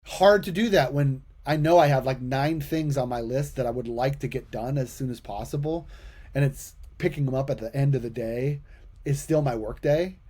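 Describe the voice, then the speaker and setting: A man's voice: mid-range voice, slightly rough. A middle-aged man hosting a podcast interview, talking casually with frequent stammers and restarts. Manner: warm-hearted, halting, stammers and restarts. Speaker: podcast host.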